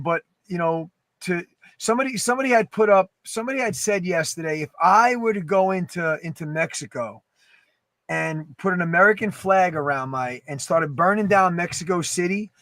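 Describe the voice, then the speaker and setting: A man co-hosting a podcast in casual chat, animated and emphatic, swearing freely. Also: high-pitched, moderate pace, dry recording. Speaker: podcast co-host.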